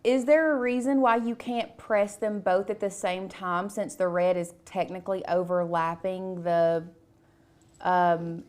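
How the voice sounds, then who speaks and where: A woman's voice: fairly low pitch, steady tone, measured pace, a little mellow. A woman co-hosting a crafting livestream, reading viewer questions and joking about herself. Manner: playful, self-deprecating. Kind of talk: casual chat.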